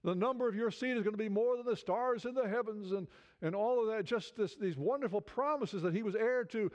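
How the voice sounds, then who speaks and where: A man's voice: sits high, a little fast. A man preaching a sermon in a conversational way, stumbling over restarts and building to fervent appeals. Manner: conversational preaching, many restarts, rising fervor. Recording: dull lo-fi sound.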